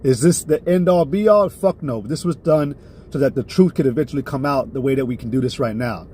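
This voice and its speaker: A man's voice: medium pitch, fairly quick, a little hiss or hum. A man teaching a live-streamed religious lesson in a heated, profane way. He keeps checking in with "all right?" and flares up before reining himself in. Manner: flares up loudly, then reins himself in.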